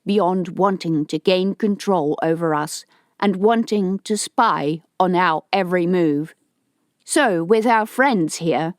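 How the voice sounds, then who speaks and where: A woman's voice: mid-range voice, dry recording, clean studio sound. A woman voicing a rebel leader in an audiobook, giving a defiant, rousing speech to a crowd. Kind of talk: audiobook character voice.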